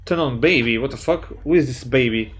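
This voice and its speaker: A man giving excitable, jokey let's play commentary, swearing often and reading chat messages aloud in playful voices. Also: mid-range voice, a little fast. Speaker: gaming YouTuber.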